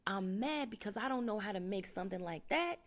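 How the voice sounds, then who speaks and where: A woman's voice: medium pitch, animated, brisk, lightly acted. A woman putting on the voice of a jealous young woman who curses bluntly about her cousin. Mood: grudging. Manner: blunt, profane, slangy muttering.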